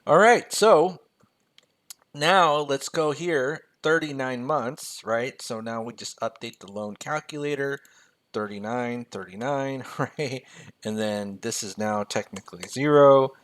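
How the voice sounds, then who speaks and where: A man's voice: mid-range voice, a little slow, a bit bright. An American-raised man mentoring on personal finance, walking through a spreadsheet in a loose, joking way and reading numbers aloud as he types them. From United States. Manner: casual and jokey, reading figures aloud as he types. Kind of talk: screen-share spreadsheet tutorial.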